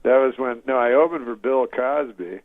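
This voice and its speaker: A man, a comedian, telling a long rambling story in a halting, deadpan way and chuckling now and then. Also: mid-range voice, no echo. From Canada. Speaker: comedian guest. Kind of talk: rambling storytelling on a radio interview. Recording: dull dry lo-fi radio recording.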